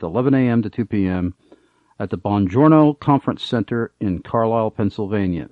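A man's voice: fairly low pitch, no room sound, narrow, tinny audio. A middle-aged man hosting a Christian radio talk show, speaking earnestly with many fillers.

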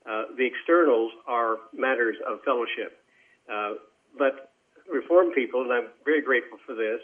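A man speaks as a guest over a tinny phone line in a radio interview. His pitch sits in the middle, and he talks in a measured, courteous way with frequent "uh" fillers.

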